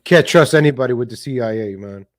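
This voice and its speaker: Talking fast in a medium-pitched voice, a man hosting a live stream offers blunt, casual political takes, full of cursing and frequent laughter.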